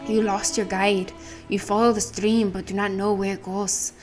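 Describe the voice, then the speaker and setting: A woman voicing a cryptic, prophetic female seer in a game, with a put-on Irish accent, speaking slowly and solemnly. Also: mid-range voice, level tone, close to an everyday voice. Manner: slow, solemn, riddling. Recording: game music behind. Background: game music.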